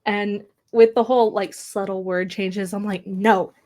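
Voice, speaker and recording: A woman co-hosting a podcast, talking excitedly about a book she loves in casual chat. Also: medium pitch, normal speed. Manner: excitable, gushing fan. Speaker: podcast co-host.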